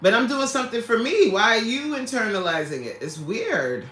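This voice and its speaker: A bright, lively woman chatting live with her viewers. Her voice rises and falls a lot, she laughs often, and the sound has a roomy echo around it. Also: a little high, moderate pace. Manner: animated, laughs often, talks straight to viewers. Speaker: livestream host reading chat. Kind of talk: casual livestream chat.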